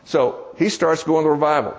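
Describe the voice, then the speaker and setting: Man, preacher, folksy storytelling sermon, slightly high voice, long hall reverb. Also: fairly even intonation, fairly quick. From American South. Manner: folksy, conversational, joking asides to the congregation. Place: church.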